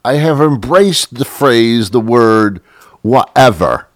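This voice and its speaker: A man's voice: mid-range voice, animated, slow pace, no room sound, clean studio sound. A middle-aged man hosting a show, delivering a wry, rambling comic monologue with mock-biblical asides. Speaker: show host.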